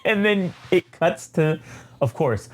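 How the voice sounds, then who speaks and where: Male podcast host, casual, profane, laughs a lot, animated pitch. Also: slow pace. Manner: profane, laughing, rambling recap. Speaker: comic book podcast host. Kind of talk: casual chat.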